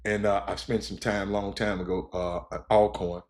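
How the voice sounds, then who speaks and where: A man's voice: lowish voice, level tone, moderate pace, a little mellow. A middle-aged man, talking casually to viewers as a sports host, rambling with lots of fillers and restarts. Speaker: sports broadcaster and show host. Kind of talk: casual live-stream chat with viewers.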